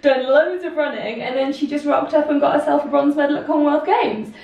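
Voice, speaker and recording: Laughing higher-voiced woman, teasing. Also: brisk, gravelly, muffled recording. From Britain. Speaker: guest triathlete. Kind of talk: casual chat. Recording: echoey room from far off.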